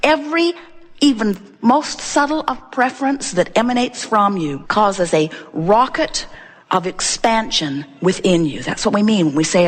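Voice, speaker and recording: A woman giving an inspirational talk to a live audience, deliberate and emphatic, repeating phrases for effect. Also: medium pitch, lively intonation, long reverb tail. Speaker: inspirational speaker.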